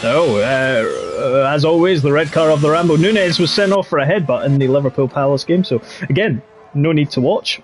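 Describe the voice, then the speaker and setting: A man with a slightly high voice and a Yorkshire accent commentates a league racing game live at normal speed. He's chatty and jokey, drifting into banter.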